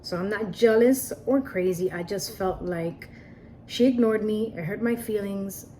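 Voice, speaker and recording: A woman's voice: medium pitch, unhurried, mellow, slight background noise. A woman telling a personal story in a casual, earnest way, often repeating herself and restarting sentences. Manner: repetitive, earnest, frequent restarts and "like".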